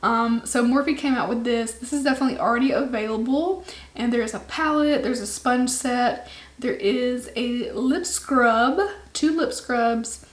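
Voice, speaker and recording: A woman's voice: a little high, a little slow, roomy sound. A young woman, a beauty vlogger, chatting casually to camera in a rambling way with lots of ums, her voice starting to wear out.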